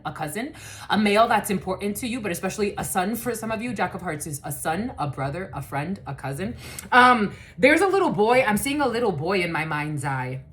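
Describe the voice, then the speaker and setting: A woman talks through a collective tarot reading in a loose, chatty way, her pitch rising and falling a lot. She curses casually and fills her pauses with "uh" and "okay.". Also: fairly bright tone. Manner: chatty, swears casually, many fillers. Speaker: tarot reader.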